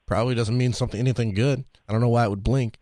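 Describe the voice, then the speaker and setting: A man co-hosting a podcast, trading quick jokes in casual chat. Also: medium pitch, steady tone, darkish tone, no room sound, studio quality. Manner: joking, quick banter. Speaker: podcast co-host.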